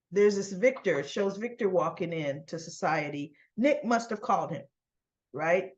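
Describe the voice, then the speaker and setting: Woman, soap recapper, chatty storyteller who acts out the quotes, muffled home recording. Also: fairly low pitch. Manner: chatty, quotes characters in a lively retelling. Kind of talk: casual retelling of a soap episode.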